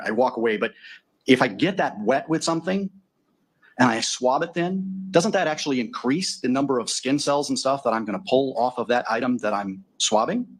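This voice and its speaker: A man acting as defense attorney in a courtroom, cross-examining a witness methodically with leading tag questions. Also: mid-range voice.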